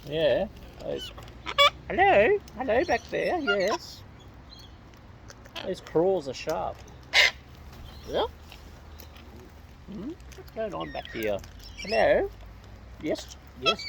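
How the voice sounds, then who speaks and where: Woman crooning to birds, slow and gravelly, noisy outdoor take. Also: fairly low pitch. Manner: coos and baby-talks to birds. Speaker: bird feeder filming wild birds. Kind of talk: casual talk to birds.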